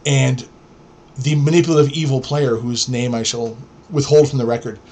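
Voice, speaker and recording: A middle-aged man from New York hosts a podcast, telling stories casually. He is blunt and profane, and he rambles. His voice sits at an ordinary middle pitch. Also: steady tone, normal speed, a little mellow, a little hiss or hum. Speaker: podcast host. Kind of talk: casual storytelling.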